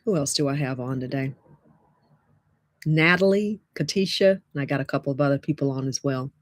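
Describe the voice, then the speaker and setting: A woman hosting a live webinar, chatty and lively, talking straight to her viewers. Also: rumbling low, a little fast, no room sound, clean studio sound. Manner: lively, chatty, addresses audience as y'all. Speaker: webinar host and dating coach.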